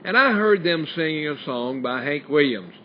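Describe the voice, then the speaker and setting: A man's voice: on the high side, animated, moderate pace. An older man from the South, telling his personal testimony as a radio show host and preacher, acting out the voices he quotes. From American South. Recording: dull lo-fi stream with faint hiss.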